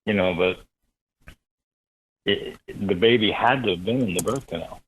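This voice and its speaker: Husky low-voiced man telling a story. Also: unhurried, fairly bright tone, low-quality recording. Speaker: guest. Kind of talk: storytelling in a radio interview.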